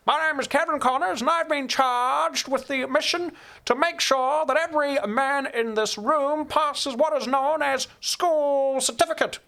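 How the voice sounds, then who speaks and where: A man imitating a stern male boarding-school dorm master who speaks slowly, like an old cowboy. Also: very high voice, vocal fry, sharp tone, voice pushed up, full character voice. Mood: commanding. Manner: slow, drawn-out, old cowboy-like delivery.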